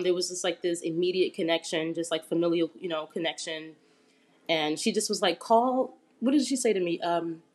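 A woman interview guest telling a personal story in a relaxed, chatty way with many fillers. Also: fairly low pitch.

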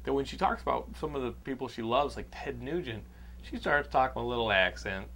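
A man's voice: medium pitch, a little fast, gravelly, a bit bright, slight background noise. A man from Texas hosting a podcast, chatting loosely about a movie with many fillers and a profane streak. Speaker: podcast host. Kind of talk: casual chat, movie review.

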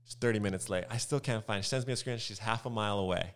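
A man from Southern California, a guest photographer telling stories in a casual podcast chat, animated and full of fillers. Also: lowish voice, very fast. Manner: animated storyteller, many fillers. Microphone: studio mic.

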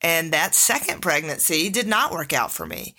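A middle-aged woman with a bright, forward tone hosts a solo coaching podcast. She talks candidly and with energy, laughing easily between her stories. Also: deep voice, normal speed. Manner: animated, candid, laughs often. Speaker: life coach and podcast host.

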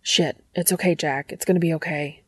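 A woman's voice: low-pitched, steady tone, a little fast, fairly bright tone, husky, no echo. A woman voicing a worried young man, a hunter who talks plainly and urgently.

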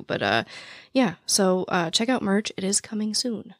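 A woman podcast host with a naturally raspy, gravelly voice, talking very fast and excitedly in casual chat, out of breath while standing at the mic. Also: medium pitch, no echo, studio quality. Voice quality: naturally raspy voice with vocal fry. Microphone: studio microphone, standing while recording.

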